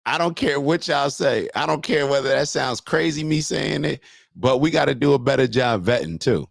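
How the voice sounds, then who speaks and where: A man's voice: medium pitch, normal speed, creaky, dry recording, clean studio sound. A man hosting a morning show, reacting to a clip and reading viewer comments in loose, slangy talk aimed straight at his viewers.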